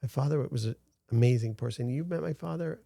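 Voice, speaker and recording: A man's voice: medium pitch, a little fast, vocal fry, dark tone. A middle-aged man, a guest in an interview, telling stories earnestly with frequent restarts. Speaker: guest, founder of a rescue organization. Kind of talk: casual interview talk.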